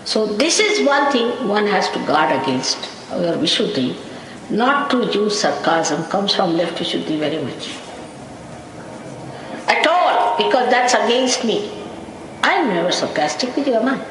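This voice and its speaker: A woman's voice: mid-range voice, big pitch swings, unhurried. A woman gives a wry, anecdotal spiritual talk to a gathering, breaking into small laughs as she tells stories. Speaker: spiritual teacher. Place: lecture hall in London. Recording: echoey hall, faint hiss, 1985 archive tape.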